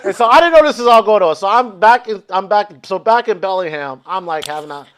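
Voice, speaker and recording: A man's voice: high-pitched, animated, a little fast, smooth. A man telling a long funny story, acting out quotes and swearing freely as he goes. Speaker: comedian guest. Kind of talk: storytelling on a comedy podcast.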